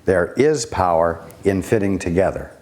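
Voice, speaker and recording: Speaking slowly and deliberately, a man offers spiritual teaching, pausing at length and asking rhetorical questions. His voice is low-pitched and darkish in tone.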